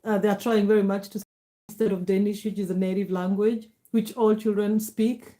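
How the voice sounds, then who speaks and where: A middle-aged woman hosting a casual livestream, warmly greeting viewers by name and laughing often. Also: medium pitch, steady tone, brisk. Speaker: livestream host. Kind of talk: casual livestream chat reading comments.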